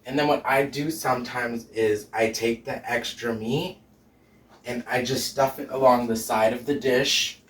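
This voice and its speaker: A drag queen hosting a home cooking show, a man with a medium-pitched, steady voice, chats sassily and unhurriedly as he cooks, laughing often. He's off-mic and distant in an echoey home kitchen with a noisy background.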